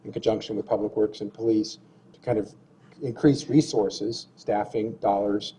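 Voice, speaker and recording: Flat-voiced, low man leading a discussion. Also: a little hiss or hum, low-quality recording. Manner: measured, posing long questions. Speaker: discussion facilitator. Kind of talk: formal meeting discussion.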